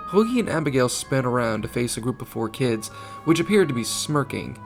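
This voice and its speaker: A male narrator reads a fan story at a middle pitch, in plain storytelling tones. Soft music plays quietly underneath his voice. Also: fairly quick, vocal fry. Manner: reads dialogue in raised, animated character voices. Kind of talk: storytelling reading with character voices.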